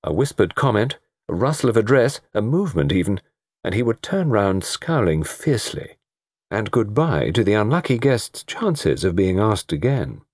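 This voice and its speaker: A man narrating a story in an expressive reading. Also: fairly low pitch, normal speed, no echo, clean studio sound. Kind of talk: audiobook narration.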